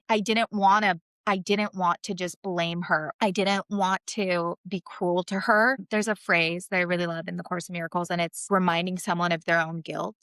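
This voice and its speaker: A woman's voice: on the low side, no echo. Earnest woman chatting on a podcast. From Russia. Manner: earnest, warm, many fillers like "like" and "you know". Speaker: podcast co-host, mother. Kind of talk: casual podcast chat.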